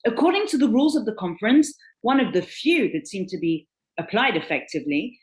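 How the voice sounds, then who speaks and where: A woman moderating a panel, reading a prepared personal account aloud with expressive emphasis on key words, then handing over the floor. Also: mid-range voice, brisk, roomy sound, poor audio.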